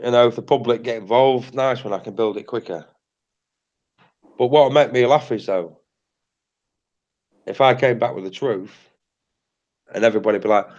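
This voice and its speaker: A man's voice: mid-range voice, moderate pace, long pauses, a little mellow, dull audio. A British man hosting a livestream in casual chat, blunt and repetitive, swearing freely. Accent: British English. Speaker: livestream host.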